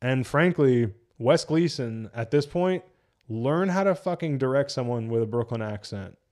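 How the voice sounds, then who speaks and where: A young man from New Jersey casually reviewing on a live stream, animated, swearing and laughing often. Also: mid-range voice, moderate pace.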